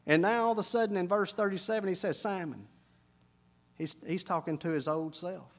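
High-voiced man preaching a sermon. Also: fast talker. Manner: preaching with wide swings from hushed to emphatic. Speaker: pastor.

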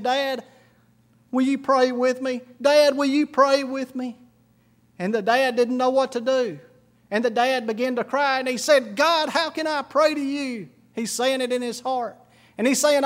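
A middle-aged pastor preaches in a high voice. He tells his stories with feeling, dropping low and quiet and then rising to a shout. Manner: storytelling preacher, swings from hushed to shouting. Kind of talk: sermon.

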